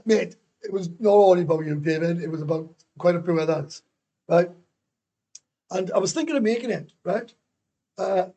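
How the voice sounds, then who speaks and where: A man's voice: high voice, mellow, breathy edge. A middle-aged Welsh man hosting a casual livestream, rambling bluntly, swearing and answering viewers' comments. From Wales. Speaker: livestream host. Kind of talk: casual live-stream rant.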